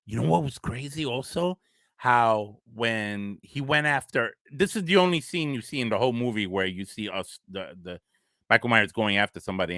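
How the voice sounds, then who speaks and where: Animated man with a bright, forceful voice. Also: fairly low pitch, dry recording, clean studio sound. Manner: animated, acts out scenes, laughs often. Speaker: horror show host. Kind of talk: casual spoiler movie chat with live chat.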